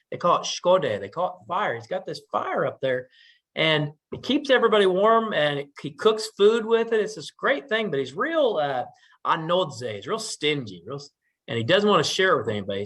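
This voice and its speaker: A man voicing a wise old grandmother, gently explaining. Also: sits high, heavily acted.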